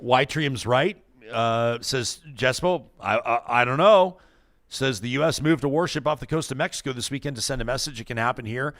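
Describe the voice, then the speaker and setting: A man's voice: mid-range voice, normal speed, fairly bright tone. A man hosting a casual political talk show, thinking aloud with many restarts and reading out viewer comments.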